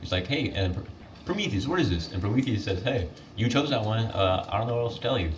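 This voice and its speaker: A teenage boy rambles through a story mid-game, piling up fillers and correcting himself as he goes. His voice sits somewhat low. The mic is set back from him, and steady noise runs underneath. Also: fast talker. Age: teens. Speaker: gamer retelling myths. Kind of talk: casual gaming commentary. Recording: distant mic with clear background noise.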